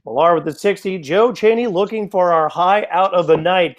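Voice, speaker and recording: High-voiced chatty darts commentator man. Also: normal speed, highs cut off. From United States. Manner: chatty, joking asides to viewers. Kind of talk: live sports commentary.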